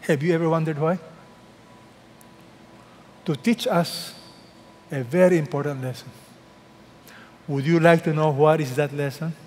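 A Filipino-accented man preaches in a high, unhurried voice, stretching out his words. He keeps asking his listeners questions and acts out the voices of the characters. His sermon rings with the long reverb of a big hall. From Philippines. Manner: animated, asks the congregation questions and acts out voices. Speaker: pastor.

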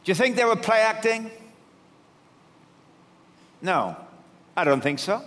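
A man preaching with a fairly high voice, retelling a story with humor and lively shifts of tone. His words ring through a hall with a long reverb. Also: takes it slowly. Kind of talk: sermon.

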